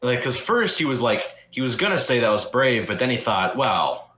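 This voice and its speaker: A young man on a podcast, telling a story in casual chat, animated and swearing with lots of fillers. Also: mid-range voice, fairly quick. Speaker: podcast co-host. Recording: roomy echo.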